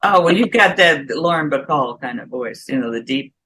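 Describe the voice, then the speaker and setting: Bright-voiced chatty woman host. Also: sits low, expressive, normal speed, husky, rough recording. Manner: chatty, warm-hearted compliments, philosophical asides. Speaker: interview host. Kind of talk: casual chat over a remote call.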